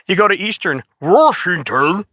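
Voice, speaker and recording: Lively, bright-voiced man ranting. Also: on the high side, normal speed, dry recording. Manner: profane, rambling, indignant. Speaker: vlogger. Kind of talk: casual rant to camera.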